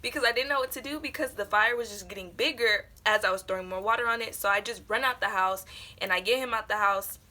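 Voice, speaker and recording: Young woman vlogger, bright tone, casual rambling storytime with lots of "like". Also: mid-range voice, fast. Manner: chatty, meandering with lots of fillers.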